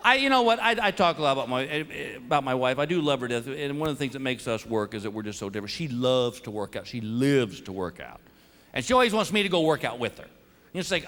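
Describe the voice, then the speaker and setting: A middle-aged man doing stand-up comedy, an animated, self-mocking storyteller on stage before a live audience. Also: mid-range voice, quick pace, long reverb tail. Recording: live show with crowd laughter and noise.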